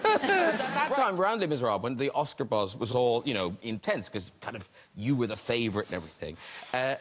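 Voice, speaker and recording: A man's voice: mid-range voice, big pitch swings, a little fast, fairly bright tone. A man with an Irish accent hosting a chat show, teasing his guest with leading questions. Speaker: talk show host.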